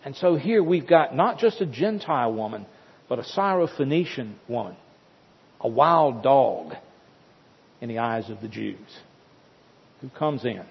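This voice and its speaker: A man preaches a sermon in a husky, slightly breathy voice, retelling the story with dramatic emphasis and insistent repetition. His voice comes through dull and muffled, and a long reverb trails behind it as if in a large church. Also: mid-range voice, expressive, a little slow, long pauses.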